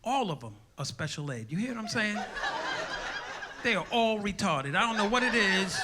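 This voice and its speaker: A man doing a profane, brash stand-up routine, telling animated stories. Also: high voice, moderate pace. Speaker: stand-up comedian. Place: comedy club stage. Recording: live club recording with audience noise.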